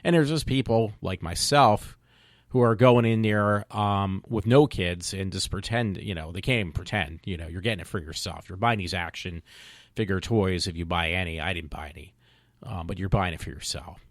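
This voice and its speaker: A man's voice: deep voice, normal speed, no room sound, clean studio sound. A man hosting his own solo podcast in a casual, rambling way, with many ums and self-corrections. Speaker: podcast host. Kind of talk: casual solo talk show.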